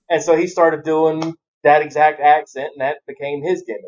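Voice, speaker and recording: A man's voice: fairly high pitch, level tone, moderate pace, few pauses, darkish tone. Rambling man, slightly dull sound. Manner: rambling storyteller, swears freely. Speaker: podcast guest. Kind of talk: casual chat.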